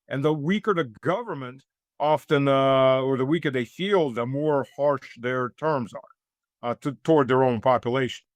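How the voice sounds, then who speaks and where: A man's voice: mid-range voice, dry recording, clean studio sound. A middle-aged man from the United States giving blunt, sardonic commentary as an interview guest, with many hesitant fillers.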